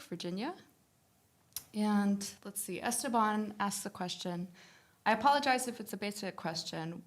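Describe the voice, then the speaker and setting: A woman co-hosting a live-stream painting class, chatty and reading out viewers' comments. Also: medium pitch. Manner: chatty, laughs often.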